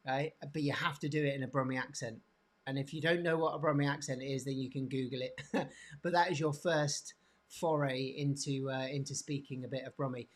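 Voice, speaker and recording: A man teaching hand anatomy off the cuff, pointing to bones, with many restarts and frequent throat clearing. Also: medium pitch, steady tone. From England. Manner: halting, repeats words, frequent throat clearing. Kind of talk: unscripted teaching demonstration.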